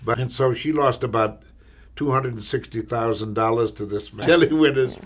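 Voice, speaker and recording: Husky older man telling rambling anecdotes. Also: mid-range voice, highs cut off. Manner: rambling, halting, repeats words. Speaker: actor recalling a film shoot. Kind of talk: anecdotal interview storytelling.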